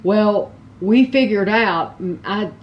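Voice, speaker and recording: A woman talks to her viewers in an easygoing, unhurried way. Her speech wanders, full of ums, false starts and small asides. The pitch sits right in the middle, and a faint hum of room ambience is audible behind her. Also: dull audio. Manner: rambling and chatty, with many ums and restarts. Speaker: vlogger. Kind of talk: casual chat to camera.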